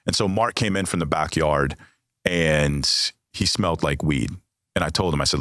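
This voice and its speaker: A man's voice: rumbling low, moderate pace, fairly bright tone, dry recording, studio quality. An American man, a podcast guest, candidly telling a personal story with blunt, frequently profane language. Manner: blunt, heavy swearing.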